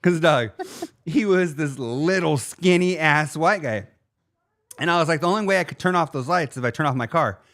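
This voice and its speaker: A man's voice: a little high, moderate pace. A man co-hosting a podcast, telling a story in a casual, slangy way and calling people "dog" again and again. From Arizona. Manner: animated, slangy, says "dog" constantly. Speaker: podcast co-host.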